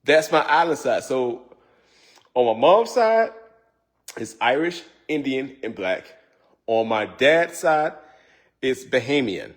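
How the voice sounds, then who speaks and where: A man's voice: medium pitch, sing-song, slow, pauses often. A man hosting a casual cooking livestream, joking and laughing often as he chats to viewers. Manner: loose, joking, laughs often, says y'all. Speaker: cooking show host.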